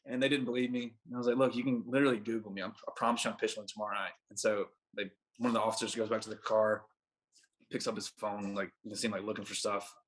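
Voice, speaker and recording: A man's voice: fairly low pitch, little pitch movement, racing. A young man in his twenties, a podcast guest, telling a rambling anecdote full of fillers and acted-out dialogue. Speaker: podcast guest, baseball pitcher. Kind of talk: casual storytelling.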